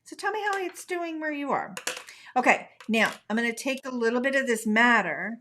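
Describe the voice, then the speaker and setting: A woman's voice: on the high side, expressive, normal speed, bright, forceful tone. A middle-aged woman from the United States hosting a live craft tutorial, chatting casually with viewers as she demonstrates. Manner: chatty, talks to viewers while coloring.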